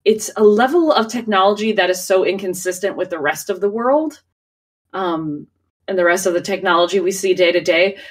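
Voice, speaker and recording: A woman's voice: mid-range voice, far from the mic. A woman co-hosting a podcast in casual chat, talking loosely with many fillers and restarts and laughing often. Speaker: podcast co-host.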